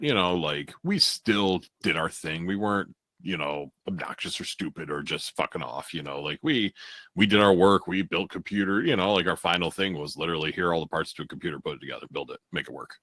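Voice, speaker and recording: A man's voice: low voice, brisk, fairly bright tone, no room sound, studio quality. A middle-aged man co-hosting a podcast in laid-back casual chat, swearing often. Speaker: podcast co-host.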